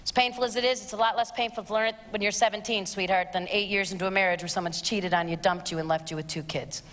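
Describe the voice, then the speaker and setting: A woman's voice: medium pitch, fairly even intonation, fast, fairly bright tone. A woman giving an emphatic, direct live talk to a youth audience in a large church hall. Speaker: abstinence speaker. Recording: long hall reverb, faint crowd.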